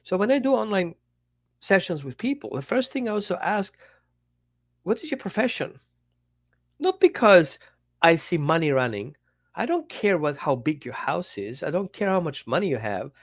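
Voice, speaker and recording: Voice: medium pitch, big pitch swings, normal speed. A dog trainer talking bluntly on a podcast, acting out little dialogues. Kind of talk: podcast monologue.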